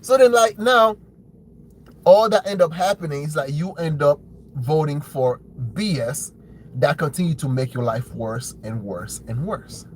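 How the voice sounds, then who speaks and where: A man's voice: animated, a little slow, slight background noise, rough recording. A man hosting a commentary show, ranting bluntly with profanity and a habit of asking "right?". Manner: blunt, profane, mocks opponents in shrill put-on voices. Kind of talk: opinionated commentary rant.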